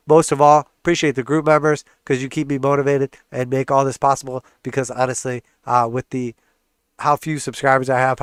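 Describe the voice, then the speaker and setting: A man's voice: mid-range voice, clear, resonant tone, dry recording, clean studio sound. A man with a congested, stuffed-up voice hosting a live trading stream, walking through charts in a casual, joking way. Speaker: trading channel host.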